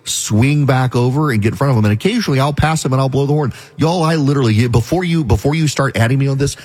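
A man holds forth as a talk radio host, his voice husky and set at an ordinary middle pitch. He argues briskly and addresses his listeners directly in an opinionated monologue. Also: a little mellow.

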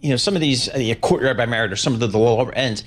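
A man's voice: medium pitch, quick pace. A man hosting a business news interview, asking questions in a casual, conversational way. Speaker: host.

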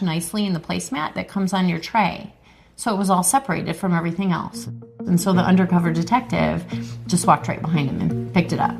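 A woman's voice: on the low side, fairly quick, vocal fry, darkish tone, faint music behind. A woman police detective telling her story in an interview, plainspoken and emotional. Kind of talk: interview recounting.

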